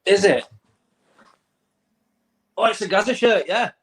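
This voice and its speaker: A man's voice: high voice, a little slow, poor audio. Chatty English man on a video call. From England. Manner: chatty storytelling, laughs often, repeats words. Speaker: former goalkeeper, guest. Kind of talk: casual interview chat. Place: brother-in-law's man cave at home.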